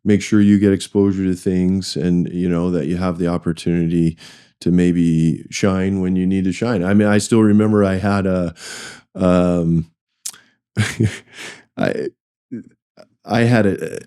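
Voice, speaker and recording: A man's voice: low voice, fairly even intonation, unhurried, long pauses, mellow, clear, resonant tone. A middle-aged man, a finance executive, telling career stories in an interview, rambling with restarts and acting out quoted dialogue. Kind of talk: conversational interview storytelling.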